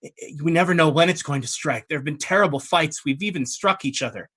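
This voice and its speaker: A woman's voice: low-pitched, fast talker, fairly bright tone, breathy edge. A man voicing a frightened young woman maid in a castle, urgent and pleading.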